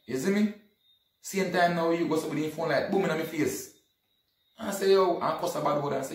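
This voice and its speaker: A man's voice: on the high side, brisk. A man, retelling an event casually and acting out the dialogue as he goes. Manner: animated, acts out dialogue, repeats "you see me". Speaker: storyteller. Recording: echoey room, distant from mic.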